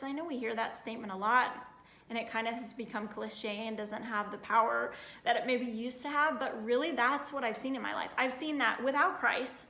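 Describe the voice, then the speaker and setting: A woman in her thirties tells her personal faith story in an earnest, heartfelt way, leaning on "like" as she talks. Her voice sits a little high. The room around her is echoey. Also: pushed and bright. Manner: earnest, heartfelt, frequent "like" fillers. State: getting emotional. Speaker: vlogger sharing her testimony. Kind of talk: casual personal testimony.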